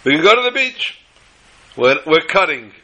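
A man voicing an angry young soldier who shouts accusations in a high, strained voice. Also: sing-song, moderate pace, full character voice, poor audio. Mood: recounting. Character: angry young male soldier, hot-headed.

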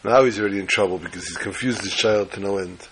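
A man's voice: lowish voice, fast talker, a bit bright, slight background noise. A man preaching as a rabbi, telling a story in a folksy, emphatic way. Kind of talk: sermon with storytelling.

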